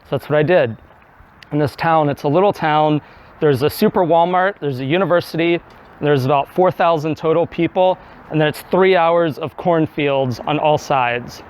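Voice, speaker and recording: A man's voice: on the high side, normal speed, a little mellow. A man in his thirties from Tennessee giving a conversational story speech, acting out his own past thoughts. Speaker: speaker giving a club talk. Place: indoor meeting room.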